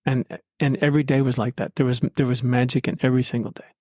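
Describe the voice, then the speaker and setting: A man speaks as a podcast guest, recounting his experiences in an earnest, heartfelt way. His voice sits at an ordinary middle pitch. The sound is dry and close, with no room echo. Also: little pitch movement, fast, warm tone. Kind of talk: conversational storytelling.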